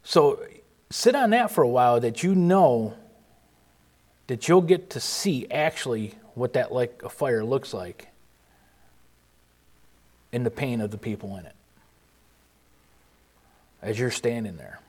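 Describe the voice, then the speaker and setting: A man preaching an informal sermon, earnest and emphatic, often restarting and pausing mid-thought. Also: mid-range voice, lively intonation, a little mellow. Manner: earnest, emphatic, with frequent restarts and halting pauses.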